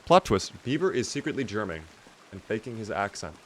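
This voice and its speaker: There's a little hiss or hum behind this young man, who is very animated and talks fairly quickly in a fairly low voice. He's casually commenting on a zombie survival game he's streaming and reading out chat questions to respond to.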